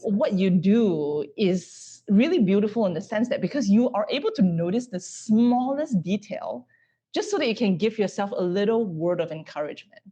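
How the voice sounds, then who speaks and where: A woman's voice: mid-range voice, animated, moderate pace, dark tone, breathy edge. A woman hosting a conversational interview, speaking encouragingly and laughing often. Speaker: host.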